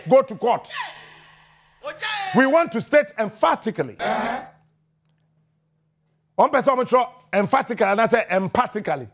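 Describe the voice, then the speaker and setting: A Ghanaian man in midlife rants on air as a morning radio host, his voice pitched very high. He mocks and repeats himself for emphasis, often breaking into shouts. His voice leaps up and down constantly through the tirade in a studio. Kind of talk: fiery on-air rant.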